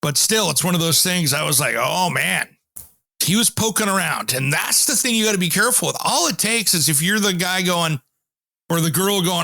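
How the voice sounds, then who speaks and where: A man from the US Pacific Northwest with a brisk, gravelly voice on the high side, recorded with no echo, hosts a home improvement show. An animated storyteller, he chats casually and acts out the people he quotes.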